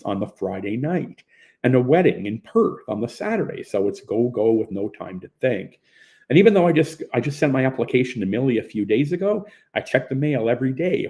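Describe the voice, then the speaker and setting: A man from Ontario reading his memoir aloud in an animated storytelling manner. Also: mid-range voice. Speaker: narrator.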